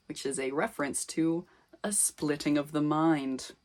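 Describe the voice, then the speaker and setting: A woman's voice: low voice, fairly even intonation, measured pace. A young woman casually reading her old fan fiction aloud with wry, self-mocking commentary. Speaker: reader of her old fanfiction.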